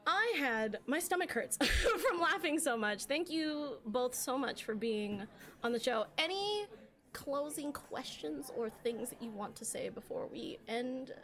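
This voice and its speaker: A woman's voice: high voice, lively intonation, a little slow, a bit bright. A woman hosting a podcast, chatting casually with guests, with lots of fillers and frequent laughter. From Philippines. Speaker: podcast host. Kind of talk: casual chat.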